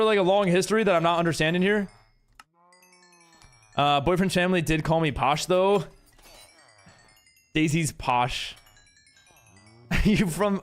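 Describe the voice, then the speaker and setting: A young man with a high voice and fairly bright tone chats during a live gaming stream. He reads his viewers' messages aloud and reacts to what they say.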